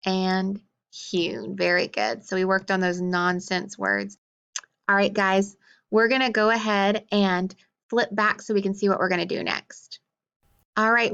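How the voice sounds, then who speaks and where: A woman teaching a phonics lesson to young children, patient and encouraging, sounding words out slowly. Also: medium pitch, fairly bright tone.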